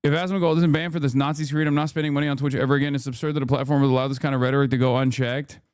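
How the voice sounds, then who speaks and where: A man's voice: mid-range voice, level tone, very fast, a little mellow, clear, resonant tone, no echo, studio quality. A man reacting to clips on a stream, ranting in a profane, sarcastic way. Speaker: political streamer.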